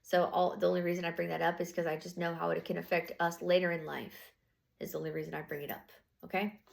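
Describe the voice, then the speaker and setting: Woman, tarot reader, casual reading to camera, gravelly fry, rambling, blunt, swears, laughs often. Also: fairly low pitch, level tone, fast talker. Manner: rambling, blunt and profane, with frequent fillers; laughs while talking.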